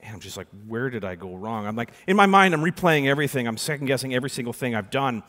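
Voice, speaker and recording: A young adult man giving a conference keynote, telling a story with sudden loud and soft turns on a stage microphone. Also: medium pitch, animated, fast. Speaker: keynote speaker. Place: large conference hall. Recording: long hall reverb.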